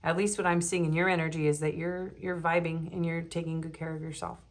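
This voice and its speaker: Woman, young adult, tarot reader, casual chatty reading, giggly, rambling, lowish voice. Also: little pitch movement, a little fast.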